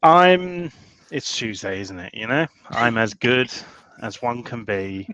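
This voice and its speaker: A man's voice: mid-range voice, very animated, takes it slowly, bright, forceful tone, dry recording. A man joining a casual live panel chat over a video call, talking in a sardonic, self-deprecating way and swearing freely. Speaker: panel guest.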